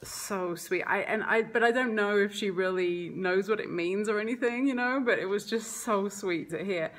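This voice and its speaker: A woman with a medium-pitched voice talks at a moderate pace in a home vlog. As a mother vlogger, she's casual, chatty, and rambling, saying "like" and "um" a lot.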